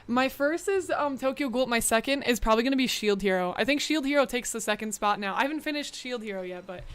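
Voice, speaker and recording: A woman's voice: a little high, lively intonation, quick pace, clear, resonant tone. A young woman streamer, bubbly and chatty with lots of "like" fillers, talking casually to her live chat from a room at home. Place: home room with a bright window.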